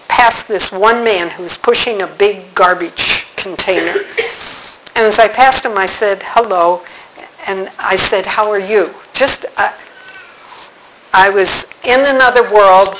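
A woman giving a faith talk, telling a personal story in a slow, reflective way. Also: medium pitch, noisy background.

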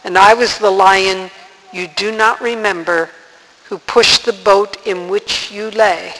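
A man voicing a vast, calm, ancient male lion who speaks slowly and solemnly. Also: high voice, long reverb tail, full character voice, poor audio. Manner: slow, solemn and measured.

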